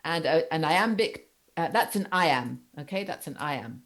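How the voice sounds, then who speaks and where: Low-pitched woman teacher, halting, lots of ums, keeps asking if the class is with her. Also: animated. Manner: halting, many fillers, checks understanding. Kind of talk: university seminar lecture.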